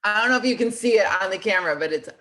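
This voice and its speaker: A woman's voice: medium pitch, expressive, very fast, sharp tone. A woman hosting an online singing lesson, explaining technique and demonstrating sounds with her voice. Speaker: voice teacher hosting a workshop.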